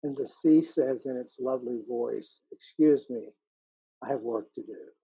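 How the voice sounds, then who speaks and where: A man giving a calm, measured dharma talk as a meditation teacher over a video call. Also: mid-range voice, breathy edge, no echo. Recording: muffled video call audio.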